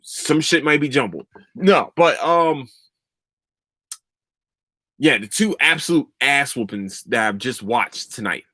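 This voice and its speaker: A man's voice: medium pitch, lively intonation, slow pace, pauses often, pushed and bright, dry recording, studio quality. A young man hosting a podcast, ranting about sports in a heated, sarcastic and profane way. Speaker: podcast host. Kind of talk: casual sports rant.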